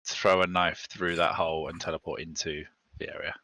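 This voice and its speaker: A man's voice: sits low, level tone, brisk, bright, forceful tone, no echo. A man playing a tabletop game, talking casually in a hesitant, polite way. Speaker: player.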